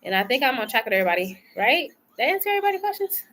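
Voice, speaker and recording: Woman, tarot reader on a live stream, relaxed and colloquial, slightly high voice, faint noise behind. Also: racing. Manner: chatty, colloquial, talks to chat as "y'all" and "love". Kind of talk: casual live-stream chat.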